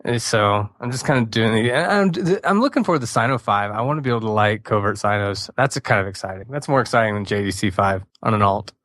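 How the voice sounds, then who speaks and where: A man co-hosting a casual gaming podcast, hesitant at times and quick with dry wisecracks. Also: lowish voice, fairly bright tone, no echo. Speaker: podcast co-host.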